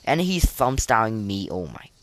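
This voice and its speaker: A man's voice: on the low side, big pitch swings, measured pace, a bit bright, soft background music. A young man giving live gameplay commentary, flustered and self-deprecating, full of fillers and restarts. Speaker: gaming podcaster.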